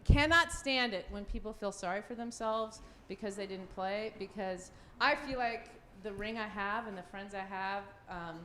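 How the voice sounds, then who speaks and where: Woman, 50s, former goalkeeper, panel storyteller, bright forceful tone, animated, laughs a lot, acts out quotes. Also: mid-range voice, moderate pace, hardly any pauses, slight background noise. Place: event venue.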